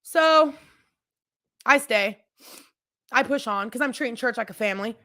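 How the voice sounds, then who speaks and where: Woman podcast host, slightly high voice, candid and rambling, talks straight to her listeners. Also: a little slow, pushed and bright. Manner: candid, chatty, addresses listeners directly; rambling with frequent restarts and asides. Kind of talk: personal storytelling, casual chat.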